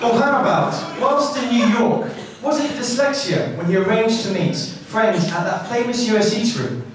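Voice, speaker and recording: A man giving a best man's wedding speech, delivering dry jokes and pausing for laughter. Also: very high voice, lively intonation, noisy background. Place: wedding reception hall. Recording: echoey hall from far off, crowd laughing. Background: guests laughing.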